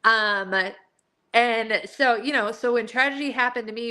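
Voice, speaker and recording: A woman hosts a casual live stream with a bright, sharp tone. She talks in a heartfelt, rambling way, full of fillers and restarts, and sounds a little teary. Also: on the high side, a little slow. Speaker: jewelry seller hosting a live stream.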